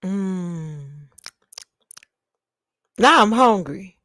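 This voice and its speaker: A woman's voice: medium pitch, expressive, extremely slow, a bit bright, dry recording. A woman hosting a casual live chat with viewers, playful and teasing, drawing out lists of food. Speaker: livestream host.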